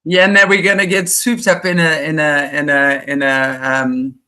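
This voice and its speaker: Rambling bright-voiced woman co-host. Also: sits low, flat delivery, moderate pace. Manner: rambling, trails off and restarts words. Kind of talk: casual spiritual discussion.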